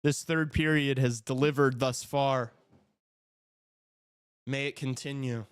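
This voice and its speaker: Excitable man reacting to hockey, dry sound. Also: mid-range voice, slow, pauses often, clean tone, no echo. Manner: excitable, shouts at big plays, joking. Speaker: podcast host watching a hockey game. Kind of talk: casual live game reaction chat.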